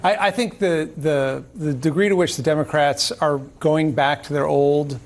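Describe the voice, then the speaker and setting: A man's voice: on the high side, fairly even intonation, normal speed. A man giving political commentary on a panel, with stammering restarts.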